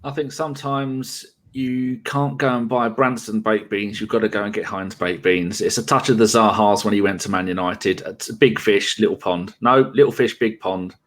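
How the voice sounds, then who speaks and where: A man's voice: fairly low pitch, steady tone, moderate pace. A man speaking as a podcast panelist in a jokey, rambling way. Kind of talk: casual live podcast chat.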